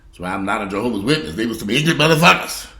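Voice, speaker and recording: A man ranting in a blunt, profanity-heavy way, his voice sitting low but swinging through a lively, animated pitch. He has a bright, forceful tone. He mocks and curses, dropping to a grumble and then bursting out loud, in a roomy, echoey space. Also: rapid-fire. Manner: blunt, heavy cursing, mocking. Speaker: video blogger. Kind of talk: profane angry rant. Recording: echoey room.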